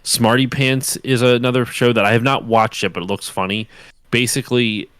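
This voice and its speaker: A man's voice: medium pitch, steady tone, normal speed, a bit bright, clear, resonant tone, no room sound. A man co-hosting a livestreamed talk show, telling stories enthusiastically with lots of fillers and casual swearing. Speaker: podcast co-host. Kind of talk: casual chat.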